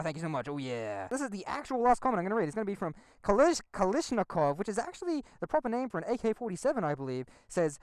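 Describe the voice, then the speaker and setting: A young man talks very fast in a goofy, playful vlog. He rides a motorcycle and reads out viewer comments, and he keeps repeating silly catchphrases. His voice sounds dry and close, with no room around it. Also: high voice, no echo. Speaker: motorcycle vlogger. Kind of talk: casual vlog narration.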